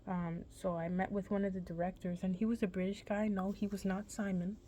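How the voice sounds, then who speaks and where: A woman's voice: medium pitch, level tone, fairly quick, dark tone, slight background noise. A young woman vlogger casually telling a personal story, rambling and correcting herself in a laid-back, chatty way.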